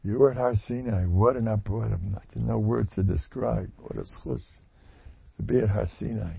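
Gravelly-voiced man giving a rambling Torah talk. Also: lowish voice, steady tone, moderate pace, no room sound, highs cut off. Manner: rambling, joking, mixes Hebrew and Yiddish terms. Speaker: Torah teacher. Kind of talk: informal Torah class.

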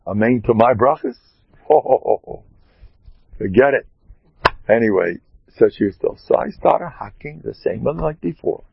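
Man, rabbi, gravelly husky voice, animated storytelling, dry dull lo-fi sound. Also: fairly low pitch, no echo. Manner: animated storyteller, sprinkles in Hebrew and Yiddish terms. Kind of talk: storytelling talk.

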